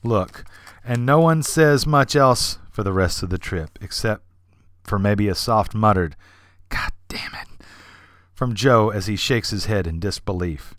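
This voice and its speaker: A man hosting a podcast, telling an anecdote in an animated style with vivid character voices. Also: fairly low pitch, measured pace, dry recording, studio quality. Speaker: podcast host. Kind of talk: anecdotal storytelling.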